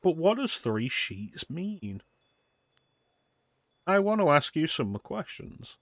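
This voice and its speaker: A man's voice: on the high side, very animated, slow, no room sound, clean studio sound. A man streaming a video game, giving casual, crude, joking commentary from a desk mic at home.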